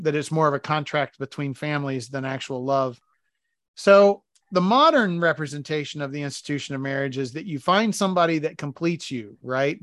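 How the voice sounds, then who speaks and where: A married man co-hosting a podcast, chatting casually and telling animated stories where he acts out domestic arguments. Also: fairly high pitch, no echo, studio quality. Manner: animated storytelling, acting out arguments. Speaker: podcast co-host. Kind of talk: casual chat.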